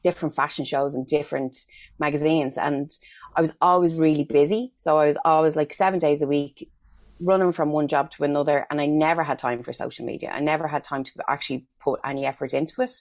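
A woman's voice: sits low, steady tone, quick pace, darkish tone, no room sound. A middle-aged Irish woman, a makeup artist, chatting as an interview guest and telling stories with acted-out quotes. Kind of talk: casual interview chat.

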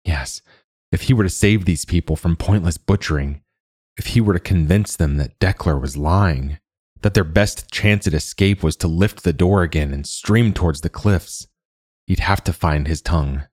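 A man narrating a dark fantasy audiobook in a measured, deliberate way. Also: sits low, no room sound, clean studio sound.

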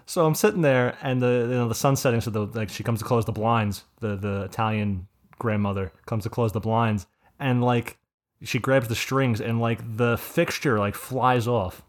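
Guy on a podcast, rambling story, swears a lot, average pitch voice. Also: fairly even intonation, moderate pace. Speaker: podcast host. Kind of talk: casual chat.

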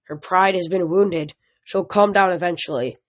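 A reader doing a calm old centaur teacher. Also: medium pitch, moderate pace, highs cut off, natural voice. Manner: calm, formal. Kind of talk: amateur audiobook reading.

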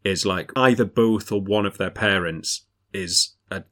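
A man, co-hosting a casual book discussion in a chatty, relaxed way full of fillers. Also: low voice, a little slow.

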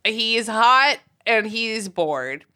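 A woman's voice: on the high side, animated, extremely slow, pushed and bright. A woman co-hosting a podcast, talking casually with a wry, blunt manner and frequent laughter. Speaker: podcast co-host. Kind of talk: casual chat.

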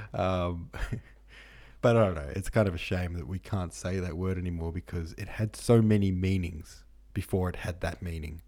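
In a low, warm voice that runs a little slow, a male host leads a casual book-club podcast discussion. Reading listener notes and reference passages aloud, he chats through them in a musing way, full of ums and tangents.

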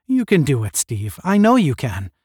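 A man's voice: on the high side, huge pitch swings, moderate pace, a little mellow, husky, dry recording, studio quality, exaggerated voice. A man voicing a supportive young woman in a story, reassuring in tone.

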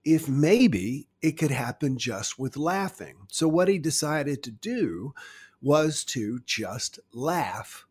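A middle-aged man gently coaching listeners through a stress-relief exercise in a guided self-help talk. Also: on the high side, sing-song, takes it slowly, breathy edge. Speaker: wellness guide.

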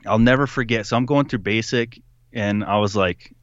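A young man telling a story in casual conversation, animated, putting on voices for the people he quotes and laughing often. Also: fairly low pitch, moderate pace, no room sound, dull audio. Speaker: podcast guest.

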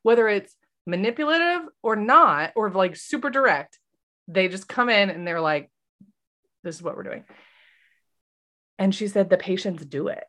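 A woman's voice: medium pitch, normal speed, pauses often. A woman in her thirties co-hosting a podcast, chatting casually and acting out the voices of people in her story. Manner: animated, acts out quoted voices. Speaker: podcast co-host, nurse.

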